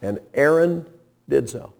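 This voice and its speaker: Slow, impassioned male preacher. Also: a little high, animated, vocal fry. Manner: impassioned preaching with big swings from hushed to loud; folksy, storytelling. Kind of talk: sermon.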